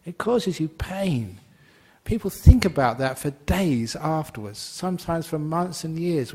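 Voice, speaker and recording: A man's voice: fairly high pitch, darkish tone. A man, a Buddhist monk, giving a dharma talk and telling stories playfully while laughing at his own jokes.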